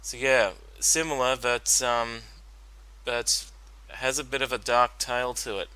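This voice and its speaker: A man's voice: mid-range voice, little pitch movement, measured pace, sharp tone, smooth, rough recording. A man giving a solo commentary on a cartoon episode, rambling with many fillers and restarts. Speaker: reaction commentator.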